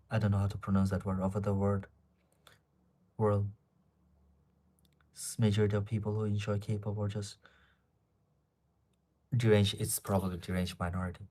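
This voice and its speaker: A man's voice: fairly low pitch, flat delivery, normal speed, long pauses, dark tone. A man in his twenties with an Asian accent in English, chatting on a live stream and reading viewers' questions aloud before answering them in a rambling way. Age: 20s.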